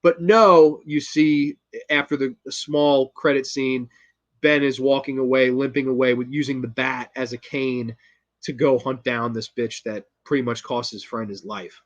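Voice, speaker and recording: A man's voice: medium pitch, steady tone, unhurried, highs cut off. A man hosting a casual film review monologue, enthusiastic and profane, retelling scenes and quoting lines. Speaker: host.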